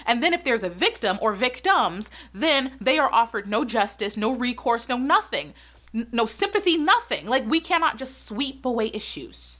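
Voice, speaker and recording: A woman's voice: fairly high pitch, animated, normal speed, fairly bright tone. A woman giving opinionated vlog commentary, emphatic and repeating her points as she gets worked up. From United States. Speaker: pageant commentary YouTuber.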